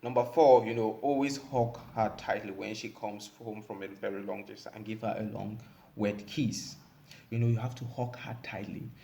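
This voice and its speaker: A man's voice: fairly low pitch, steady tone, moderate pace, creaky, dark tone, slight background noise. A man giving relationship advice in a casual monologue, rambling and emphatic, with many fillers.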